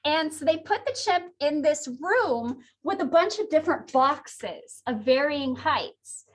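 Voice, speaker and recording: A woman's voice: high-pitched, a bit bright. A woman teaching a psychology class, giving a chatty lecture with jokey asides. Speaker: psychology instructor.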